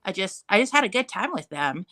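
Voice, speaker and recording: A woman in her forties, a guest author on a video call at home, telling stories in a lively, animated way. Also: medium pitch, brisk. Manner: animated storyteller, acts out quoted voices. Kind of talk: casual chat on a video call. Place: room at home.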